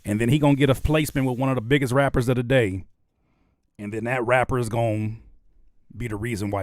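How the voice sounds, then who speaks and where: A man's voice: medium pitch, fast talker, dry recording, clean studio sound. A man hosting a casual livestream chat, playful and joking, mimicking sounds as he talks. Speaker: host.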